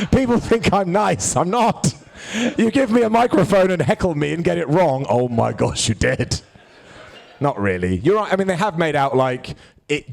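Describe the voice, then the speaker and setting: Animated, joking man with a gravelly voice. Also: on the high side. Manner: jokey, animated, bantering with hecklers. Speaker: wrestling show host. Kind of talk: live comedic wrestling review. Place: live stage show.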